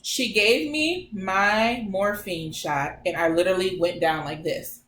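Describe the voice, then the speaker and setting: A woman in her twenties telling her own story as a vlogger in a chatty, animated way, acting out what others said. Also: mid-range voice, measured pace. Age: 20s. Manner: chatty, animated retelling that acts out others' lines. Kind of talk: casual personal storytelling. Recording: roomy echo, faint background noise.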